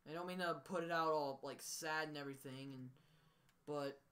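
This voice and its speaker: A man's voice: a little high, steady tone, moderate pace, pushed and bright. A man vlogging a casual rant to the camera. He sounds upset and emotional, and he rambles with frequent restarts.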